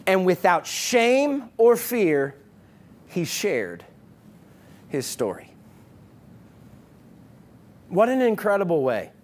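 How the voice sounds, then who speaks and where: A male pastor delivering an online sermon in an animated, emphatic and playful way. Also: high voice, slow, long pauses.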